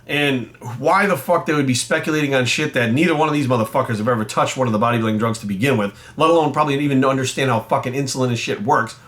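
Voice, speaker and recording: Brief: male fitness coach vlogging a profane, fired-up rant, mid-pitched voice. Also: fast, hardly any pauses, fairly bright tone. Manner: angry, blunt, heavy swearing. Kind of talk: heated profane rant to camera.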